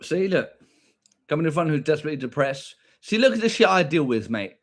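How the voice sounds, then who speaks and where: A man's voice: fairly high pitch, very animated, brisk. A young British man with a combative, profane manner, ranting back at viewers on a stream and repeating his points.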